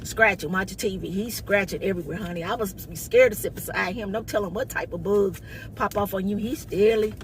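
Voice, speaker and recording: A woman's voice: mid-range voice, fairly quick, slight background noise. Sassy woman telling a story. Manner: sassy, loud, calls viewers baby and honey. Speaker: comedian. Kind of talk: casual storytelling vlog.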